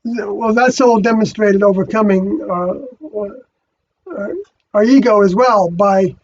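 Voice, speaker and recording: Halting, self-correcting spiritual speaker, mid-pitched voice, muffled lo-fi audio. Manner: halting, many fillers and restarts, self-correcting. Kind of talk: rambling spiritual monologue. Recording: dull lo-fi recording.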